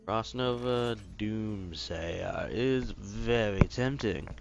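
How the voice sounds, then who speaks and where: A man giving casual gameplay commentary from home, thinking aloud with hesitant fillers and quick apologies. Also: lowish voice, vocal fry, muffled recording, over music. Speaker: gaming channel host. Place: home room.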